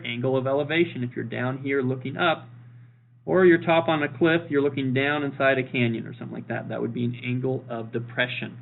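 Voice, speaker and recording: A man's voice: medium pitch, creaky. A man teaching a recorded math lesson in an upbeat, jokey way, repeating the key points. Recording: tinny phone-like lo-fi sound.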